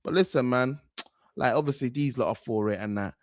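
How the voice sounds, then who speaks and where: A man's voice: medium pitch, fairly quick, darkish tone, no echo, clean studio sound. A young man, giving slangy, rambling, outspoken reaction commentary as a football fan host.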